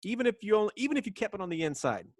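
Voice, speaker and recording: Hosting a radio interview from home, a man with a high voice talks very fast and with great animation. He's enthusiastic, plugging his guest between rambling questions, and the remote recording is dry with no echo.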